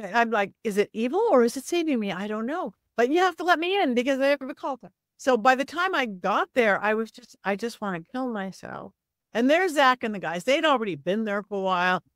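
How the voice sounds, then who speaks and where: A middle-aged woman with a fairly high voice tells a long, animated story as a guest. Her pitch jumps around as she acts out the people in it. The sound is dry and close. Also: a little fast, dry recording. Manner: acts out voices in quotes, lively swings of pitch. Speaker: psychic medium guest.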